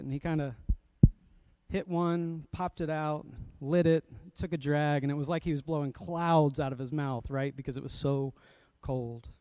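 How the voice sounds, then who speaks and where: A man's voice: a little high, a little mellow, dry recording. A man serving as a pastor, telling a self-deprecating story in a sermon and laughing often as he goes.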